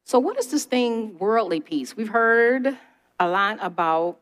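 A woman's voice: a little high, lively intonation, a little slow, a bit bright. A middle-aged woman preaching a conversational sermon, emphatic and testifying, talking straight to her listeners. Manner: emphatic, testifying, speaks to the audience directly.

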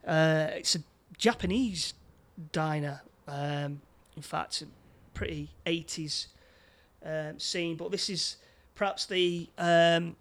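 A man with a fairly high voice talks through a film scene by scene in casual chat. He stumbles often, repeating words and padding with fillers as he goes. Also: slow pace, a bit bright. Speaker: podcast co-host.

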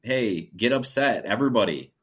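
A man co-hosting a sports podcast, chatting casually in an animated, profane way and laughing often. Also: lowish voice, normal speed, slightly rough. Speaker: podcast co-host. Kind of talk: casual chat.

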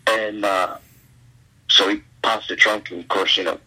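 A man telling a road story as a guest in a casual chat, animated and full of stammered restarts. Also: lowish voice, unhurried, breathy edge, low-quality recording. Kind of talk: casual anecdote.

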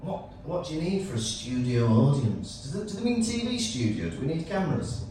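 A man's voice: fairly high pitch, very animated, fairly quick, warm tone, slight background noise. A young man co-hosting a podcast before a live audience, telling a story with lots of laughs and restarts. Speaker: podcast co-host. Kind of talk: live comedic podcast chat. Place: performance space with live audience. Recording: echoey venue from a distant mic.

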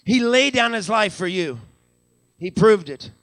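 In a church sanctuary, a Western Pennsylvania pastor delivers a live sermon in a high, slightly bright voice with lively intonation and an unhurried pace. There's no echo on the recording, and as he builds he repeats words in a stammer and cries hallelujah.

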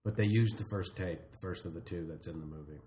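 A middle-aged man telling stories in a casual chat, acting out lines with lively comic emphasis. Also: deep voice, fast. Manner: animated storyteller, acts out lines with comic emphasis. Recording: roomy echo with faint noise.

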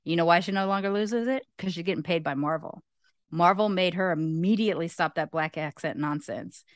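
Emphatic opinionated woman, smooth voice. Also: lowish voice, a little fast, dry recording, studio quality. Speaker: podcast guest. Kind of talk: casual podcast chat.

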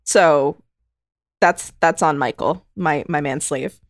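A woman's voice: low-pitched, takes it slowly, no echo, clean studio sound. A woman co-hosting a podcast in casual chat, joking and rambling with frequent laughs. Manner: jokey, rambling, laughs often. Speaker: podcast co-host.

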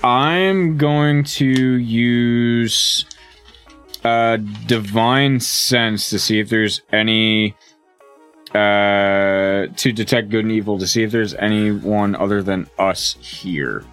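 A man with a lowish voice talks very slowly as a tabletop player. He hesitates often, filling gaps with "uh" and "like", with soft music in the background. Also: fairly even intonation, smooth. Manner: hesitant, full of fillers. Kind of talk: casual tabletop play.

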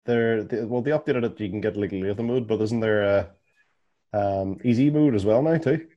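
A man's voice: lowish voice, moderate pace, dark tone, muffled recording. A man hosting a gaming podcast, chatting casually and laughing easily. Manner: giggly, easygoing. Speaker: podcast host. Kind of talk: casual chat.

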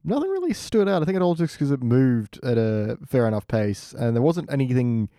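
Mellow laid-back man on a podcast. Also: mid-range voice, very animated, a little fast, no echo. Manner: laid-back, dry and matter-of-fact. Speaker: podcast guest. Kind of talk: casual chat reviewing episodes.

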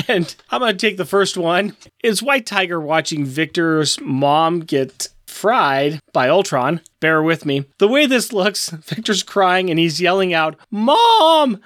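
A man's voice: a little high, measured pace, dry recording. A man co-hosting a podcast, chatting casually and playfully about comic books and laughing often. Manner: animated, laughing, playful comic-book banter. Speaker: podcast co-host. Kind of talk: casual chat.

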